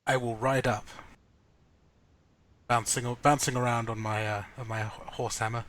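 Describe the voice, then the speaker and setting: A man's voice: mid-range voice, flat delivery, moderate pace, crowd noise. A man playing a tabletop game over a voice call, describing his moves with stammering restarts. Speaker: player. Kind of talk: casual tabletop game play.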